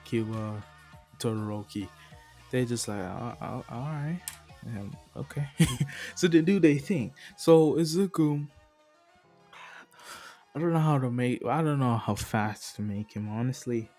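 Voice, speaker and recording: A man's voice: medium pitch, darkish tone. A man casually retelling a fan-made anime story, rambling, correcting himself and laughing at his own jokes. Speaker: video creator.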